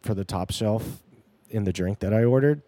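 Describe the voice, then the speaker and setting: Man, relaxed conversational guest, halting delivery with restarts, dry sound. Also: lowish voice, no room sound. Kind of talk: casual chat.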